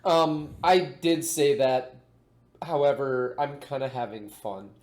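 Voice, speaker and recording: A man's voice: medium pitch, slow pace, a little mellow. A man chatting casually with friends on a podcast, laid-back and teasing. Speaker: podcast co-host. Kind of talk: casual chat among friends. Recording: echoey room.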